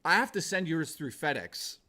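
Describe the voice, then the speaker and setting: A man's voice: fairly high pitch, expressive, moderate pace, bright, forceful tone. A man streaming from home, chatting casually with crude, profane jokes and rambling asides. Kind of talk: casual livestream chat.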